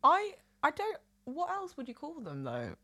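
A woman's voice: high voice, huge pitch swings, sharp tone, no echo. A woman with a northern English accent co-hosting a podcast in casual chat, playful and teasing. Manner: chatty, playful, quick to laugh and tease. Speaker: podcast co-host.

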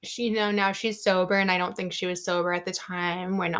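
A woman's voice: fairly low pitch, little pitch movement, brisk, fairly bright tone. A young adult woman co-hosting a podcast, retelling gossip in a chatty, storytelling way. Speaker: podcast co-host. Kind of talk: casual chat.

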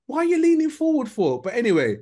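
Un homme d'âge moyen à l'londonien raconte une anecdote avec entrain, dans une discussion décontractée de podcast. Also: male voice, very high-pitched, fast talker. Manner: animated storytelling, lots of slang. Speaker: podcast co-host. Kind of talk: casual chat.

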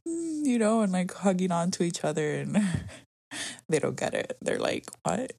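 A woman's voice: lowish voice, measured pace, vocal fry, a little mellow, dry recording. A woman co-hosting a podcast about being a mother, chatting casually in a rambling way that is full of "like" and "you know". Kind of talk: casual chat.

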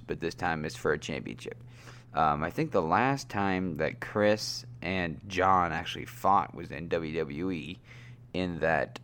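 A man with a low, fairly bright-toned voice hosts a casual wrestling podcast, talking at a slow, unhurried pace and rambling through his recap with many fillers and restarts. His voice leaps up high when he gets worked up, and there's a little hiss or hum in the recording.

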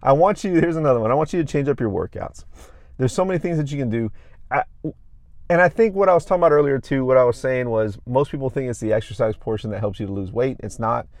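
A man's voice: medium pitch, fast talker, darkish tone, dry recording, clean studio sound. A man talking as a fitness coach, giving tips in an emphatic, repetitive coaching manner. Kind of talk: casual fitness tips monologue.

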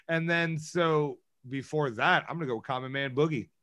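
Bright, excitable podcast guy. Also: on the high side, measured pace. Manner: excitable, swears, jokey. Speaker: podcast co-host. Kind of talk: casual chat.

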